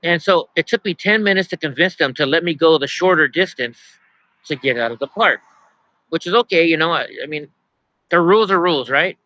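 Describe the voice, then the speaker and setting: A man's voice: on the high side, animated, brisk, sharp tone, no echo, low-quality recording. A man telling a story in a casual vlog, exasperated, repeating himself as he complains. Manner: exasperated, repeats himself, quotes others in his own voice. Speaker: vlogger.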